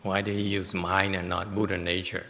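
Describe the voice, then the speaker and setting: A man giving a Buddhist Dharma lecture, explaining slowly and deliberately and taking questions from listeners. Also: low voice, flat delivery, bright, forceful tone, long reverb tail, a little hiss or hum. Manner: slow, deliberate, explaining with emphasis. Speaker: Buddhist teacher. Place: meditation hall.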